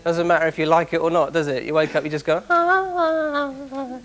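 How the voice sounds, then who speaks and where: A man doing a stand-up routine as the show's host. His patter is chatty, full of asides to the crowd, and his voice sits a touch high. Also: flat delivery, very fast. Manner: chatty, quips, asides to audience. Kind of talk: stand-up routine to a live audience.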